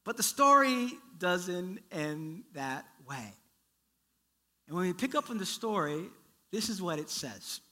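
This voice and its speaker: A man preaching a sermon, telling a story in a lively way and acting out its characters. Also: high-pitched, takes it slowly. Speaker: pastor.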